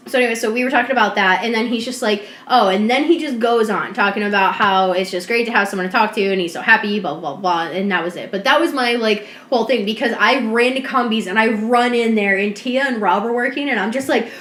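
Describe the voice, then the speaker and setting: A woman co-hosting a podcast, telling a story in casual chat, animated and swearing, acting out what people said. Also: a little high, fast talker, hardly any pauses. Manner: animated, swearing, acts out quotes. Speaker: podcast co-host. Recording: roomy echo.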